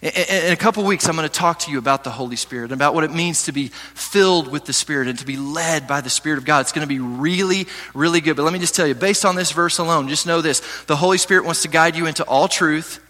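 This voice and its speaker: A man preaching a sermon as pastor, reading scripture slowly and asking his listeners questions. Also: on the high side. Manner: animated preaching, reads scripture slowly, asks the audience questions.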